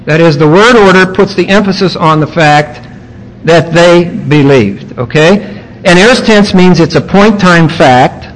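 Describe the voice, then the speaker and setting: A male preacher giving an expository sermon, teaching word by word with emphatic pauses. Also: high voice, fairly bright tone, poor audio. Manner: teacherly, explaining grammar point by point with emphatic pauses.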